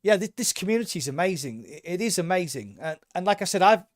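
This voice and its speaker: A man's voice: high-pitched, expressive, fast, dry recording, clean studio sound. A man co-hosting a casual podcast, talking with eager enthusiasm and rambling through restarts. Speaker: podcast co-host.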